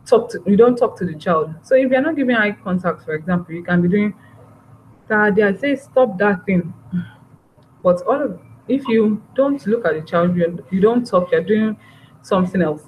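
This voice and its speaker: A woman's voice: mid-range voice, lively intonation, a little fast, a little mellow. Woman giving a parenting workshop. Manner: earnest, repeats phrases, acts out parent and child lines. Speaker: parenting trainer. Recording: dull, slightly noisy recording.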